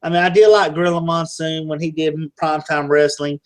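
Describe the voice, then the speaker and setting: A man's voice: fairly high pitch, little pitch movement, a little fast. A man co-hosting a casual wrestling podcast, answering in a hesitant, laid-back way. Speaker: podcast co-host.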